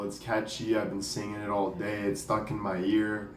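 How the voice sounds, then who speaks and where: A man's voice: lowish voice, flat delivery, normal speed, few pauses, far from the mic, a little hiss or hum. A young man telling a story in a casual, rambling way, packing his talk with "like" and "dude" and swearing now and then. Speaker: vlogger and singer. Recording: roomy sound, off the mic, faint ambience.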